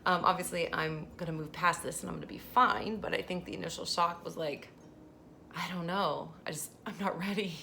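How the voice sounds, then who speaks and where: A woman's voice: on the low side, moderate pace, vocal fry, bright, forceful tone, a little hiss or hum. A woman, a mother of a special-needs daughter, talking casually in a personal vlog, emotional and laughing often as she tells her story.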